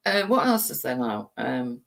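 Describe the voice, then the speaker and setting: Animated, bright-voiced English woman ranting. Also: rumbling low, measured pace, vocal fry. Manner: angry, swearing, rhetorical questions. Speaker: channel host. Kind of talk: livestream rant.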